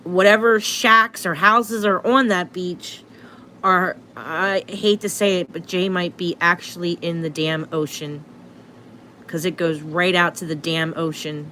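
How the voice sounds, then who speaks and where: A woman's voice: fairly low pitch, fairly even intonation, measured pace, pushed and bright, a little hiss or hum. Chatty woman hosting a phone livestream. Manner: chatty, self-interrupting, laughs at herself. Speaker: astrology livestream host. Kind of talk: casual livestream chat.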